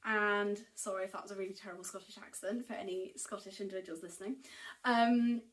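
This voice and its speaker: A woman's voice: mid-range voice, fairly even intonation, brisk. Chatty woman vlogging from a distance. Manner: chatty and enthusiastic, with frequent ums and likes. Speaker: knitting vlogger. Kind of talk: casual haul chat to camera. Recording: voice picked up from a distance.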